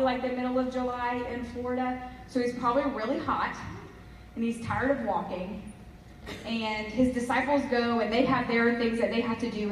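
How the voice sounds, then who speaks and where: Woman preaching, tells it like a story, bit high voice, big echoey hall, sounds far from the mic. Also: a little hiss or hum. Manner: chatty, jokey asides. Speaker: guest speaker. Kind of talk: storytelling sermon.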